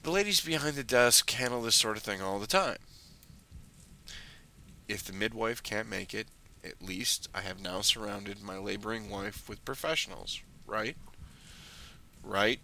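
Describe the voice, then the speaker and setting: A young man tells his own story in a dry, wry manner, often clipping his lines into short checklist phrases. His voice sits a little low yet sounds very bright and forceful. A faint noise runs under the recording. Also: moderate pace, creaky. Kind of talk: first-person storytelling.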